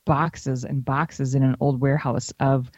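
A woman with a very deep, darkish voice co-hosts a casual podcast, speaking in a level, unhurried way. She rambles and restarts often as she chats, and the dull lo-fi recording has no echo.

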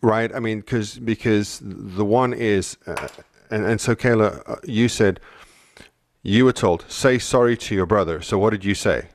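A man's voice: on the low side, measured pace, no room sound. A man co-hosting a parenting podcast, talking earnestly and thinking aloud as he goes. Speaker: podcast co-host. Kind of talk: casual podcast discussion.

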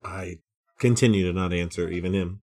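Deadpan man with a very deep voice. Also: normal speed. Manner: deadpan, stubborn. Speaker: player.

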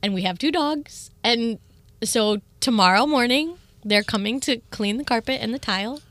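A woman co-hosting a radio show, playful and giggly, blurting out quick answers. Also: on the high side, a bit bright, no room sound. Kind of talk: casual studio banter.

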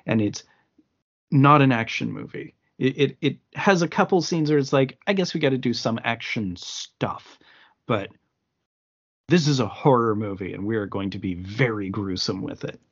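On a film podcast, a man speaking at normal speed in a medium-pitched voice rambles through casual movie talk, full of fillers and restarts. The recording sounds lo-fi and a bit muffled.

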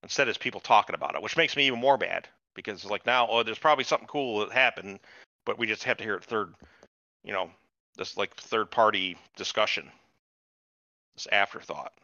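A man's voice: lowish voice, brisk, sharp tone, no room sound. A man hosting a podcast, ranting about a show in casual, profane chat. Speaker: podcast host. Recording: dull lo-fi recording.

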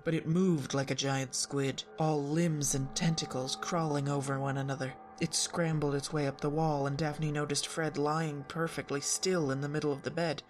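A woman storyteller reading a story aloud in a calm, even narration. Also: low voice.

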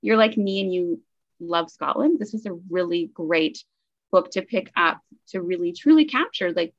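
A woman's voice: lowish voice, moderate pace, muffled recording. A woman from Canada co-hosting a book podcast, chatting enthusiastically and rambling with fillers and asides. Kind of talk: casual book review chat.

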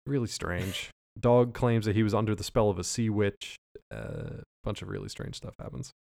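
A man's voice: lowish voice, normal speed, creaky, darkish tone. A man co-hosting a podcast, casually recapping a cartoon episode in a loose, rambling way. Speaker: podcast co-host.

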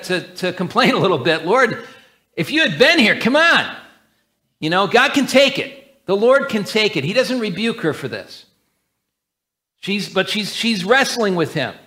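An earnest man preaching a sermon as a church elder, his voice pitched a little high and strikingly bright. He talks to the congregation conversationally, restarting phrases as he goes.

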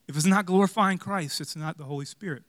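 Male pastor, fairly high and bright, preaching with punchy loud peaks and quiet asides, dry close sound. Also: quick pace, no room sound. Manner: dynamic preaching, swings from loud emphasis to hushed asides; conversational, jokes and rhetorical questions. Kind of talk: sermon.

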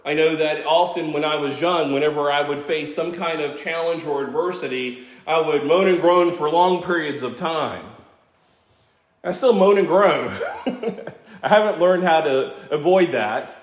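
A man's voice: a little high, measured pace. A man in his fifties preaching a sermon, earnest and conversational, with self-deprecating asides. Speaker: pastor. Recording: echoey church room.

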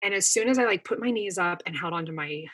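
A woman in her thirties chats as a podcast guest, telling a long story in an easy, rambling way full of fillers. Her voice is husky and a touch breathy. It sits a little low for a woman. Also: expressive, fast, fairly bright tone. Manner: chatty storytelling with many fillers. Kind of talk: casual chat.

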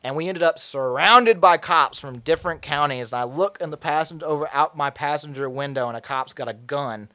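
A man's voice: on the high side, brisk, hardly any pauses, sharp tone. A young man from Tennessee, telling a story in casual chat, profane and acting out quotes with laughs.

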